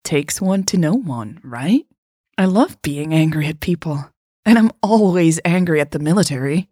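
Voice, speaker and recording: A woman reading a story voices a warm adult woman who teases gently. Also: deep voice, expressive, moderate pace, husky, no echo, studio quality. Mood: teasing. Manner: gentle, teasing.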